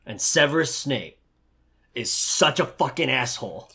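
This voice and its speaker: A man's voice: mid-range voice, animated, a little slow, creaky, bright, forceful tone, breathy edge. A man co-hosting a casual podcast chat, swearing freely and retelling scenes with mock voices. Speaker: podcast co-host.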